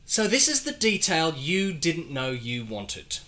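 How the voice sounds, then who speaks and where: A man's voice: a little high, sing-song, unhurried, sharp tone. A man co-hosting a casual podcast, playfully reading out facts and quiz questions to his co-hosts. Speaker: podcast co-host.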